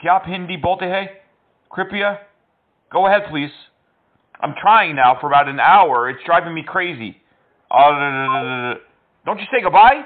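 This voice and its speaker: A man's voice: high-pitched, expressive, normal speed. A man making prank phone calls, talking in a mocking, teasing, playful way. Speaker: prank caller. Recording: tinny phone line.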